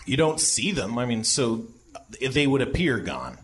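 A man's voice: medium pitch, big pitch swings, a little slow, a bit bright. A man narrating as game master in a tabletop game, describing scenes with self-corrections and frequent laughter.

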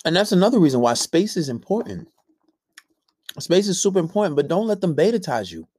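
A man's voice: high voice, sing-song, a little fast, a little mellow, slightly rough, no echo. A young man hosting a casual dating-advice podcast, brash, profane and preachy in his delivery. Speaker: podcast host.

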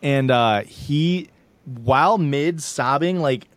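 A man's voice: a little high, takes it slowly, no room sound. A young man co-hosting a podcast, telling rambling, self-deprecating stories in casual chat and laughing often. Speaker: podcast co-host.

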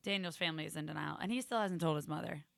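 A woman co-hosting a comedy podcast in casual chat, teasing and cracking deadpan jokes. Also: low voice, racing, vocal fry, no room sound, studio quality. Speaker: podcast co-host.

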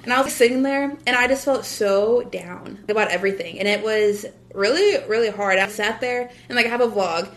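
A woman's voice: medium pitch, a little fast, few pauses. A young woman from the United States talking casually about her faith, with lots of fillers and frequent laughs. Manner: chatty, lots of "like" and "literally", laughs often. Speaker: guest.

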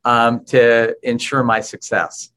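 A man's voice: mid-range voice, flat delivery, slow pace, sharp tone. Friendly male podcast host. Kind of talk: casual interview.

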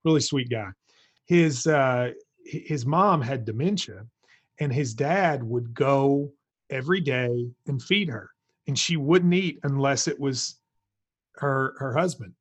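A man's voice: mid-range voice, takes it slowly. A man with a Kentucky accent hosting a podcast over a video call, telling a personal story in a candid, rambling way with frequent restarts. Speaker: podcast host. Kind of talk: casual video-call conversation.

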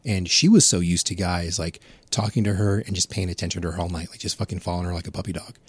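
Husky middle-aged man telling crude stories. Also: sits low, steady tone, quick pace, no room sound. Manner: rambling, profane, laughs at his own story. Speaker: podcast guest. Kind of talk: casual storytelling.

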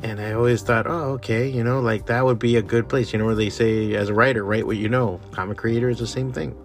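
A man's voice: mid-range voice, fairly even intonation, fast talker, faint music behind. A man from Miami hosting a solo podcast, ranting bluntly with lots of swearing and exasperation. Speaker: podcast host. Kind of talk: casual solo podcast rant.

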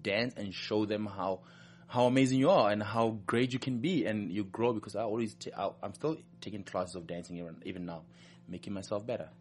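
Man with a foreign accent, low voice, energetic emphatic guest, casual interview talk. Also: brisk, faint music behind. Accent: non-American. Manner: upbeat, emphatic, repeats phrases. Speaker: professional dancer, guest.

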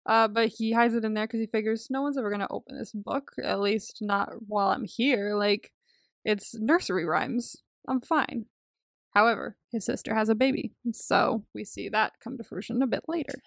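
A woman's voice: fairly high pitch, moderate pace, vocal fry, no room sound, clean studio sound. A young woman co-hosting a casual movie recap podcast, chatty and full of fillers, laughing often. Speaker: podcast co-host.

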